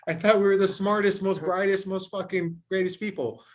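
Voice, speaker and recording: A man hosting a podcast in casual chat, ranting with heavy swearing and animated emphasis. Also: high-pitched, a little fast, noisy background. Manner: heavily profane, ranting and animated. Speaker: podcast host.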